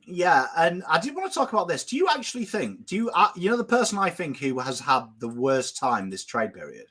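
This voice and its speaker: A man's voice: on the high side, breathy edge. A man hosting a casual football chat show, talking animatedly and swearing freely. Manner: animated, does quick impressions, swears casually. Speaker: podcast host.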